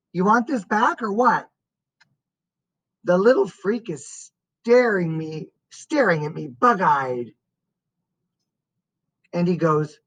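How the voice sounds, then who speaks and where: A woman reading a first-person story aloud as an audiobook narrator, in a slow and expressive way. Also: fairly low pitch, slightly rough, rough recording.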